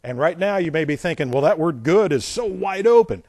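A male pastor preaching, reading scripture aloud and then explaining it with folksy asides and dramatic swings between loud emphasis and quiet remarks. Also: fairly high pitch, expressive, a little fast, dry recording. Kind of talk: sermon.

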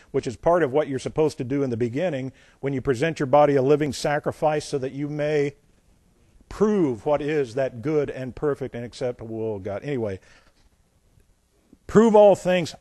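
A male pastor preaching, reading scripture aloud and then explaining it with folksy asides and dramatic swings between loud emphasis and quiet remarks. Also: mid-range voice, dry recording. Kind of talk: sermon.

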